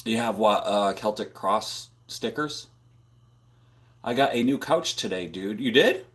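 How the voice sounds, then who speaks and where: A man hosting a casual livestream from a home room, rambling and filling his talk with "dude" and "like," close on a boom-mounted microphone. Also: lively intonation, measured pace, fairly bright tone. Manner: rambling, filler-heavy, says "dude" and "like" a lot. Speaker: livestream host. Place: home room full of computer monitors.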